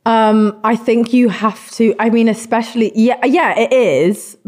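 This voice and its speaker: A woman's voice: a little high, measured pace, a little mellow. A woman singer chatting as a podcast guest, giggly and rambling with many restarts. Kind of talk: casual chat interview.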